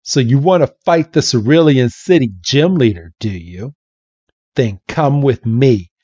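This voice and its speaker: A man's voice: mid-range voice, animated, measured pace, a little mellow, slightly rough, no echo. A man voicing a fiery, bossy girl gym leader in a commanding, plain delivery. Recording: dull, muffled lo-fi recording.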